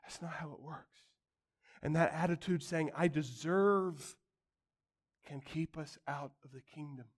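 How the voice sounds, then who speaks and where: A man's voice: on the high side, steady tone, moderate pace. A man preaching a sermon as a pastor, emphatic, building his points through repeated phrases.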